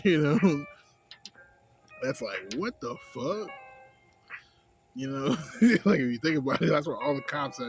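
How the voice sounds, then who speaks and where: A man casually rambling through a movie review, slangy and profane, full of filler tags. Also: on the high side. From a city. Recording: music playing loudly behind.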